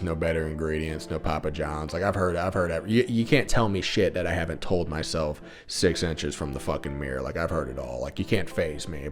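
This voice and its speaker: A man telling a comedic story about his own life in a crude, profane, sardonic manner. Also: rumbling low.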